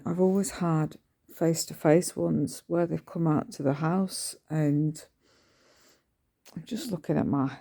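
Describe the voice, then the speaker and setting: A middle-aged woman talks into her phone at home in a slow, unhurried ramble. Her voice is dark and mellow with a gravelly edge. She meanders through her thoughts with plenty of ums and restarts. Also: fairly low pitch. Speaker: vlogger. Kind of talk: casual early-morning vlog chat. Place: at home indoors.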